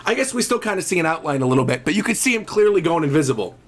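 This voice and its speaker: A man hosting a live manga reaction stream, excitable and often shouting and exclaiming as he reads along. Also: fairly high pitch, racing.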